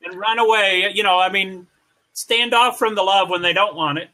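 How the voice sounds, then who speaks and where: A man's voice: high voice, normal speed, bright, forceful tone. An American man co-hosting a casual live-stream chat, rambling and greeting viewers as they arrive. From United States. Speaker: co-host.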